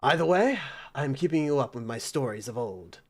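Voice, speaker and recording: A man's voice: medium pitch, animated, normal speed, darkish tone. A man voicing a gracious, formal male castle host who speaks politely to his guests. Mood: courteous.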